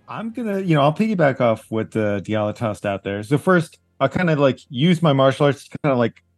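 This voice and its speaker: A man player describing his character's moves in a tabletop game, animated and hedging with fillers. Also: medium pitch, brisk, no echo, clean studio sound, soft background music.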